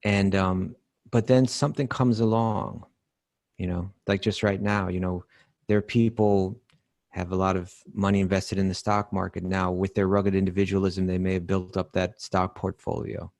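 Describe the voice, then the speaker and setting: A man's voice: low voice, flat delivery, normal speed, gravelly, darkish tone, no room sound. A man co-hosting a podcast, talking in a hesitant, reflective way with many fillers. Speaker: podcast co-host. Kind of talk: casual chat.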